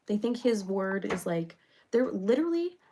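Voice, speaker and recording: A woman's voice: mid-range voice, big pitch swings, moderate pace, warm tone, a little hiss or hum, lightly acted. A woman playing a rambling reality-show personality in a comedic parody monologue, chattering on with loads of fillers.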